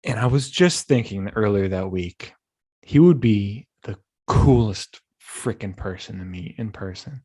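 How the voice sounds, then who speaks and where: A young man hosting a podcast, rambling through animated stories full of restarts. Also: fairly low pitch, a little slow. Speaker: podcast host. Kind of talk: casual chat.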